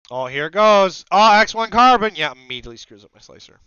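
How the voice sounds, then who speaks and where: A man's voice: sits high, lively intonation, quick pace, bright, forceful tone, clear, resonant tone, dry recording, dull audio. A man hosting a casual maker livestream, rambling to his viewers and to himself as he sets up a 3D print. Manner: rambling, talks to the audience and to himself. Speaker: maker channel host.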